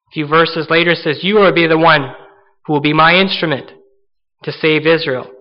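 A man's voice: fairly high pitch, steady tone, moderate pace, lo-fi sound. A man preaching an earnest sermon, acting out the voices of the people in the stories he tells. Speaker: pastor.

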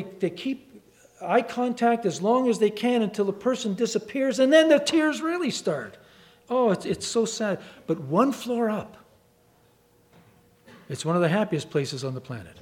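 High-voiced man preaching a sermon. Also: moderate pace. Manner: animated storytelling, acts out quoted voices with wide pitch swings.

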